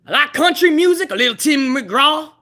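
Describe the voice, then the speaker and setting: A man's voice: very high-pitched, animated, normal speed, bright, forceful tone, voice pushed up, exaggerated voice. A man putting on a mocking impression of a brash cowboy wrestler who rambles boastfully in a hollering folksy twang. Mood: rowdy.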